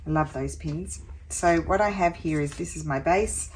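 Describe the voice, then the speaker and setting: Low-voiced woman chatting while crafting. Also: normal speed, darkish tone, a little hiss or hum. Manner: chatty, thinking aloud, self-talk with little exclamations. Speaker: craft vlogger.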